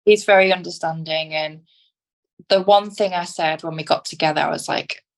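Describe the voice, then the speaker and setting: A woman's voice: sits low, steady tone, normal speed, gravelly. A young British woman co-hosting a podcast, talking casually, laughing often and using British slang. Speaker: podcast co-host. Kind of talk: casual chat.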